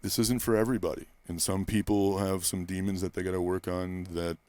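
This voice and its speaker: A male personal trainer in a candid interview, talking bluntly and profanely and rambling through stories, close to the microphone in a quiet room. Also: low-pitched, flat delivery, a little fast, no echo.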